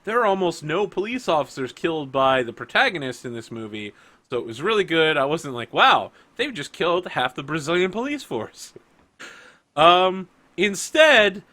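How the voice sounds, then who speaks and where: A man's voice: a little high, moderate pace. A man running a tabletop game, chatting casually and ranting with lots of swearing before play starts. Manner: ranting, profane, animated storytelling. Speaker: game master.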